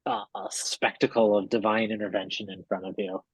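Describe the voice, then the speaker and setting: A man narrating a tabletop game as game master, slow and hesitant, with many fillers. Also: fairly low pitch, little pitch movement, husky, no echo, dull audio.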